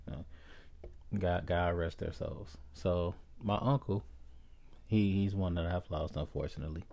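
A man in his forties from Ohio, hosting a podcast and telling a personal story, unhurried and halting, with frequent restarts. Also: deep voice, a little mellow. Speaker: podcast host.

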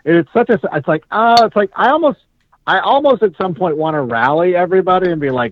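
A man hosting a casual sports chat, rambling and animated, from Southern California. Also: sits high, a little fast, dry recording. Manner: animated, rambling, mocks fans in put-on voices. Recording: dull dry podcast audio.

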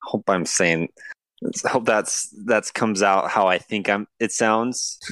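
A man hosting a casual podcast in a low voice and at a very unhurried pace. He explains a word game with hesitant restarts and laughs at his own slips. The recording is dry and close. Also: fairly bright tone, no room sound. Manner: slow, hesitant, laughs at himself. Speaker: podcast host running a game. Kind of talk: casual group chat.

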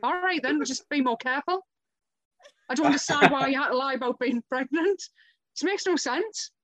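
A woman's voice: high voice, fairly quick, a crowd in the background. A woman in casual podcast chat, blunt and sweary, often laughing. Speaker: podcast participant.

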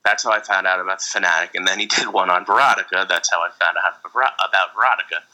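A man co-hosting a casual podcast, rambling through an animated story with frequent laughs. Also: low voice, fast, rough recording. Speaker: podcast co-host. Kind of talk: casual chat.

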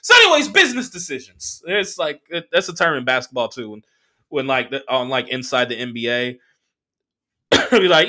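A man's voice: mid-range voice, big pitch swings, moderate pace, bright, forceful tone. A man hosting a comedy podcast, telling a story in a casual monologue, laughing and swearing as he acts out quotes.

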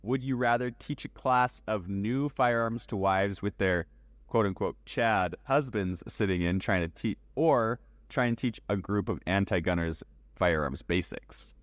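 Low-voiced guy hosting a podcast, kinda hesitant, trips over words, dry close sound. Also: measured pace, dry recording. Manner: hesitant, repeats words when unsure. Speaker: podcast host. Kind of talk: casual podcast chat.

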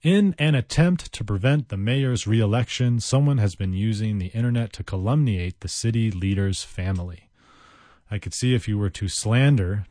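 A man's voice: on the low side, warm tone, no room sound, clean studio sound. A man giving a casual vocabulary lesson, chatty, wandering into tangents and repeating each word several times. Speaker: vocabulary teacher.

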